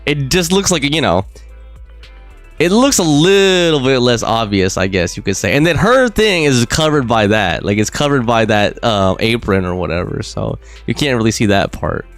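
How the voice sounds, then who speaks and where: A man's voice: mid-range voice, animated, moderate pace, soft background music. A man streaming a game live, chatting casually and rambling with lots of fillers and frequent laughs. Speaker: gaming streamer. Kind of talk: casual live gameplay commentary.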